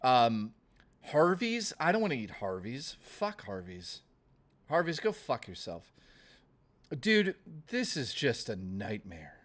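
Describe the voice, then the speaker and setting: A man chatting casually on a livestream, ranting in a profane, excitable way and jumping from topic to topic. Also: mid-range voice, takes it slowly. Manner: jumps topic to topic.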